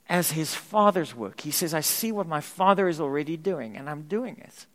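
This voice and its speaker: A man preaches to his congregation with animated, emphatic delivery, driving points home through repetition. His voice sits a little higher than most men's. The sound carries a long reverb from the church hall. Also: moderate pace, hardly any pauses. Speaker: pastor. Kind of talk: sermon. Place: church sanctuary.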